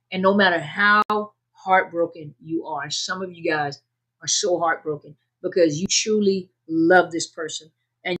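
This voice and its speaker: A woman's voice: fairly low pitch, breathy edge. A woman hosting a casual advice talk, speaking conversationally, repeating her points and addressing her audience directly. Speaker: host giving advice on narcissistic abuse. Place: indoors, under a bright light.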